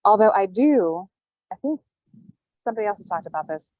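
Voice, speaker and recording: A woman guest telling a personal story in casual chat, with halting, thoughtful pauses, calling in from an airport gate over a video call. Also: mid-range voice, lively intonation, dry recording. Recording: dull, dry call audio.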